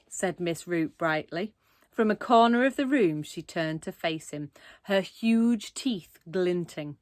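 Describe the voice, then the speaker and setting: A woman's voice: lowish voice, animated, measured pace, a bit bright, no echo, studio quality. A woman reading a children's book aloud expressively, with asides to young listeners. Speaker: reader.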